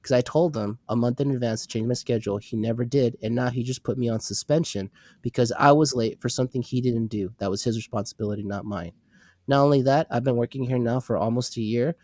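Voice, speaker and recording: A man's voice: mid-range voice, no room sound, clean studio sound. A man co-hosting a podcast, telling a work story in a casual rant, acting out the quoted lines and swearing, sounding sick and congested. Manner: animated retelling, acts out quoted dialogue, swears. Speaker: podcast co-host.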